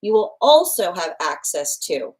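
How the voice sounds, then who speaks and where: A woman's voice: fairly low pitch, big pitch swings, a little slow, darkish tone. A young adult woman hosting a tarot livestream, chatting casually with viewers and laughing often, with many restarts. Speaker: tarot reader and livestream host.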